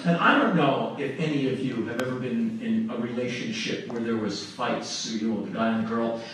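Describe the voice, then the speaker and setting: A middle-aged man telling a story live to an audience, animated and laughing through his telling. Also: mid-range voice, moderate pace. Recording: echoey room from far off with noise.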